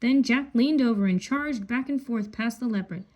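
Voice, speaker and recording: A woman reading a children's book aloud in a calm, unhurried voice. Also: on the high side, muffled recording. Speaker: storybook reader.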